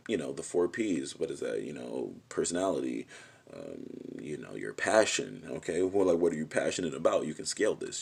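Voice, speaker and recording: A man giving an improvised motivational talk, rambling and repetitive, with many fillers and restarts, at times loud and fast when excited and at times sinking to a low murmur. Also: gravelly, husky. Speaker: startup founder giving a talk.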